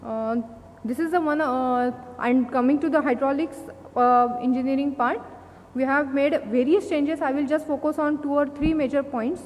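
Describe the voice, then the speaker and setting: A woman with an Indian English accent giving a conference presentation, halting often with fillers and restarts. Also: sits high, fairly even intonation, darkish tone. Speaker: company speaker at an industry event. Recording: long hall reverb, faint noise.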